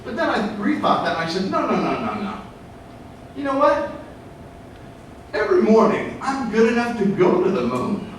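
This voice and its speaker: A man's voice: extremely high pitch, big pitch swings, moderate pace. A man giving a playful, jokey motivational talk on stage to a real estate crowd, acting out customers and brokers. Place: large event hall with live audience. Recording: echoey hall recorded from far off, noisy.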